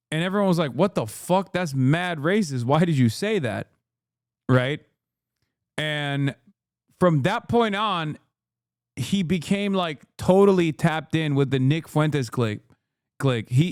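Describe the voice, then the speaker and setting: A man's voice: mid-range voice, clean tone, no room sound, studio quality. A man streaming, reacting to a clip in casual, profane commentary, rambling with restarts and asides to his chat.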